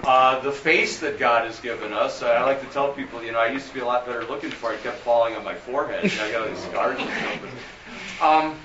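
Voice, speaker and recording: A man's voice: medium pitch, a little fast. A man talking casually as a pastor and host, telling stories and often repeating his words. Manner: rambling, repeats words, storytelling. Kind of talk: casual chat. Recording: roomy, distant, dull, noisy.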